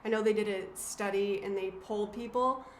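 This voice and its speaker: A woman's voice: mid-range voice, steady tone, fairly quick. A woman in her thirties, the author and host, talking casually and reading passages from her own book in an earnest, emotional way with frequent fillers and restarts. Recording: roomy echo, faint background noise.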